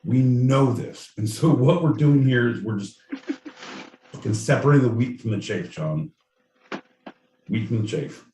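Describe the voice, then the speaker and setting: A man's voice: mid-range voice, unhurried, pauses often, dark tone. Roomy-sounding crude, rambling podcast man. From Southern California. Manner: crude, rambling, mock-indignant riffing. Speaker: podcast co-host. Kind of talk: casual comedic banter. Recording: roomy, distant mic with faint noise.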